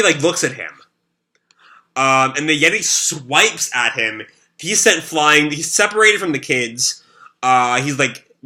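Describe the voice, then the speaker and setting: A man's voice: on the high side, pushed and bright. A man with a sore throat recapping a manga chapter live, rambling and full of fillers. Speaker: manga reaction host.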